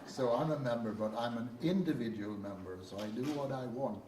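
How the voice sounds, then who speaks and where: A man's voice: medium pitch, a little fast. Wry man, noisy distant mic. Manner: wry, joking. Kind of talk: conference self-introduction. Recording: echoey hall, distant mic, loud noise.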